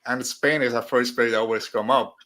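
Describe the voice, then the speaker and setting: A man's voice: medium pitch, fairly even intonation, a little fast, sharp tone. A man co-hosting a podcast in a casual chat, answering in short replies and laughing often. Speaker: podcast co-host.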